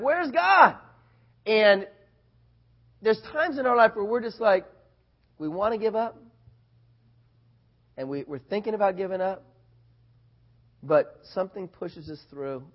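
Animated preacher man telling a story. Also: high-pitched, muffled recording. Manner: animated storyteller, gets loud and excited. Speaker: pastor. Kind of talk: sermon with personal story.

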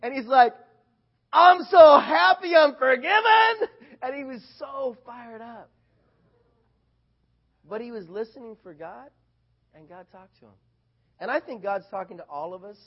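A man preaching a casual sermon, animated, swinging from loud bursts to quiet asides. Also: sits high, muffled recording.

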